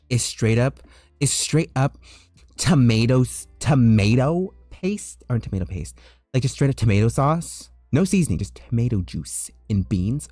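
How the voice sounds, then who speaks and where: A man chatting casually on a livestream while he draws. His pitch swings widely as he jokes around, and his voice sounds dry and close to the mic. Faint music plays softly underneath. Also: no room sound. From United States. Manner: loud, animated and jokey, with frequent "like" fillers. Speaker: livestreaming artist.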